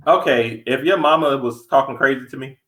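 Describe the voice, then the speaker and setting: A man co-hosting a podcast in casual chat, blunt and animated, acting out heated quotes. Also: medium pitch, fairly quick, echoey room, poor audio. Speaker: podcast co-host.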